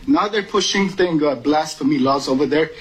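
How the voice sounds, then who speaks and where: A man's voice: fairly high pitch, moderate pace, low-quality recording. A man from Iran giving urgent, emotional public testimony at a podium microphone. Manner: urgent, emotional, rising to pleading. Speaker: public commenter at a meeting.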